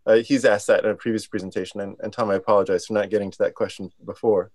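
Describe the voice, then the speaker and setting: A man's voice: on the low side, steady tone, fast talker, darkish tone, no echo. A man moderating a webinar over a video call, apologetic and friendly as he reads out audience questions. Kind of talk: hosting a webinar Q&A.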